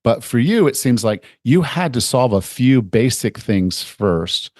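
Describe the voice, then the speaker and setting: A man's voice: mid-range voice, sing-song, measured pace, a little mellow, no room sound, studio quality. A middle-aged man hosting a fitness podcast, explaining ideas in a chatty way and acting out little examples. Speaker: podcast host and fitness coach. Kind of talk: conversational interview.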